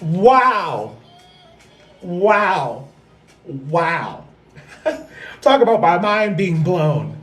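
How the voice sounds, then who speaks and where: A woman hosting a livestream, telling a story in a casual, animated way. She repeats phrases for effect and swears freely. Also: lowish voice, extremely slow, pauses often, soft background music. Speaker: livestream host. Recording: roomy echo.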